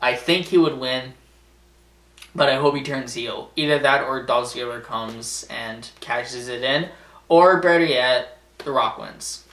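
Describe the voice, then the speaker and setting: A man's voice: mid-range voice, a little slow, a bit bright, echoey room. A man vlogging casually, rambling and sarcastic, swearing and laughing at his own jokes. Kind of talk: casual commentary vlog.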